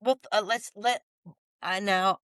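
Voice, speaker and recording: Podcast guest, woman, excited storyteller, dry close mic. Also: medium pitch, unhurried, clean tone, dry recording. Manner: lively, folksy, talks in bursts with restarts. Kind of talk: animated storytelling chat.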